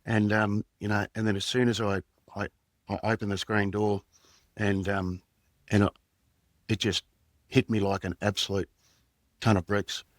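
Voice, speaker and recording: Low-voiced Australian man telling a story. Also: flat delivery, no echo. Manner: halting, reflective, many fillers and restarts. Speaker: podcast guest, former police detective. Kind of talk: personal storytelling in conversation.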